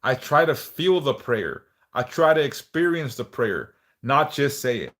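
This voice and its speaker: A man's voice: mid-range voice, measured pace. A man hosting a livestream, leading prayers and then chatting casually, swearing now and then and sometimes repeating words as he speaks. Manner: relaxed, swears casually, reads chat aloud; speaks of stuttering, some word repeats.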